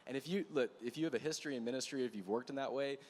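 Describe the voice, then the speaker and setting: A man preaching as a pastor at a church gathering, telling a story in a conversational, animated way with asides to the room. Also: medium pitch, very fast. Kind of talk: storytelling sermon.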